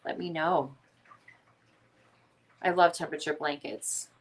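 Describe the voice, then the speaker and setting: A woman's voice: sits low, steady tone, measured pace. A woman with a nasal Chicago accent hosting a casual live chat, chatty and full of ums. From Chicago area, USA. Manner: chatty, reads comments aloud, many ums. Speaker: livestream host.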